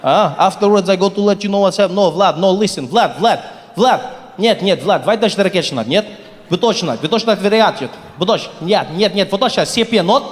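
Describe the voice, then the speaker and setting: Russian-accented dodgy guy on a phone call, fast mumble, by a male comic. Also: high-pitched, animated. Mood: muttering. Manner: rapid mumbled phone talk. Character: shady Russian man on the phone. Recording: echoey hall with audience.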